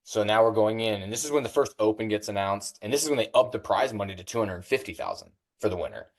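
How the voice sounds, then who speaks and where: A middle-aged man, a fitness coach, telling stories as a guest in a casual interview, animated and jumping in pitch when he acts out what people said. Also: fast talker. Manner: animated, acts out quoted voices with big pitch jumps.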